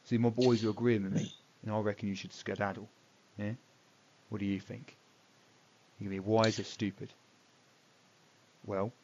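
A man's voice: lowish voice, flat delivery, moderate pace, pauses often, a little mellow, a little hiss or hum, natural voice. A man voicing a greasy, cocky male thug boss who sneers and bullies, and trips over his words. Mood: sneering. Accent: northern city accent of the game world. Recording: dull lo-fi recording.

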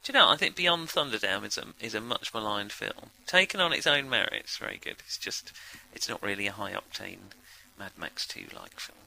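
A man's voice: on the low side, very animated, fairly quick, vocal fry, few pauses, pushed and bright, poor audio. A man playing a tabletop game, joking and laughing with the group. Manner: jokey, laughing. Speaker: player.

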